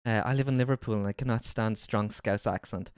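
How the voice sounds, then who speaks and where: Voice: medium pitch, fairly even intonation, brisk, darkish tone, clean tone, no echo, clean studio sound. A streamer chatting casually and crudely on a livestream, rambling and joking. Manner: rambling, crude and jokey, swings into mock voices. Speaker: livestream host.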